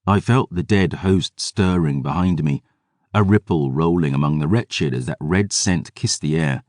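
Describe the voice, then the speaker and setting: A man doing measured, dramatic scripted narration for a fantasy audiobook. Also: low-pitched, a little mellow, no echo, clean studio sound.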